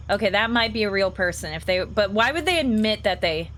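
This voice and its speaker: A woman's voice: mid-range voice, lively intonation, fairly quick, few pauses, fairly bright tone, slight background noise. A woman streamer giving casual, playful commentary while playing a horror game, reading lines aloud and talking to her chat.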